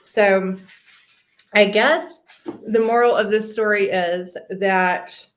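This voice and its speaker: A woman's voice: medium pitch, steady tone, slow pace, roomy sound. A woman hosting a live stream in a casual, blunt, profane, gossipy way.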